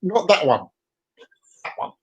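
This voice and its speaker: Playful chatty man, joke-telling host, animated sing-song voice. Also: high voice, measured pace, lo-fi sound. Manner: chatty, playful, giggles at own jokes. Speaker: host of a live comedy show.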